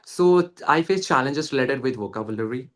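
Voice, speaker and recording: A man's voice: mid-range voice, expressive, normal speed. Earnest man from West Bengal with an Indian accent. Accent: Indian English. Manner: earnest, explanatory, with hesitations and fillers. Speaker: guest. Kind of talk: casual conversation.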